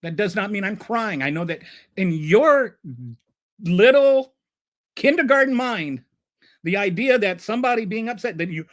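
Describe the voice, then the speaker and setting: A man's voice: high-pitched, expressive, moderate pace. A man hosting a live stream and ranting about politics. He is heated and sarcastic, and he stumbles and repeats words when he gets flustered.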